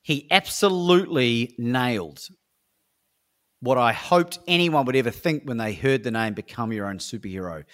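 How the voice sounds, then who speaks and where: A man's voice: medium pitch, moderate pace. An Australian man is telling his stories as a podcast guest. He speaks with eager, emphatic energy and often repeats a word as he restarts a sentence. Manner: enthusiastic, emphatic, repeats words when he restarts. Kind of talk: animated storytelling in a podcast interview.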